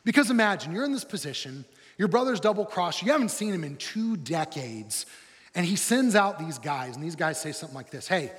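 A man preaching a sermon as pastor, telling the story in a lively, humorous way. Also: fairly high pitch, fairly quick, in a large hall.

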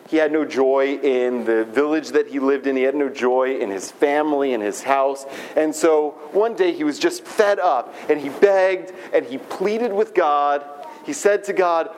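A man, a rabbi, giving a sermon in the form of an animated, conversational story. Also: fairly high pitch, a little hiss or hum.

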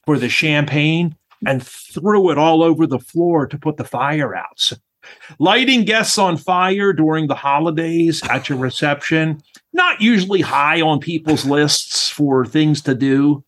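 Lively man telling kitchen stories. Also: fairly high pitch, a little slow. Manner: animated storyteller, acts out voices. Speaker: former White House chef, guest. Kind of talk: storytelling interview chat.

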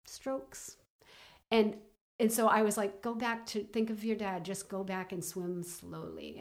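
Woman telling a personal story, halting. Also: mid-range voice. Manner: halting, full of fillers and restarts. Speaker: guest.

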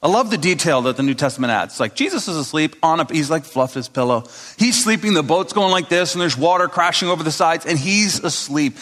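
In a church hall, a pastor preaches to a live congregation in a casual storytelling style, acting out the people in his stories. His slightly high, bright voice moves briskly with lively intonation and few pauses, and the large hall adds long reverb.

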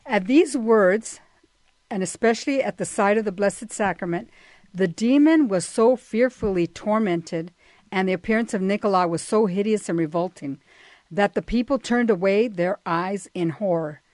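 A woman co-hosting a talk show, reading a story aloud in a steady way and murmuring agreement. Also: mid-range voice, moderate pace, no room sound. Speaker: co-host.

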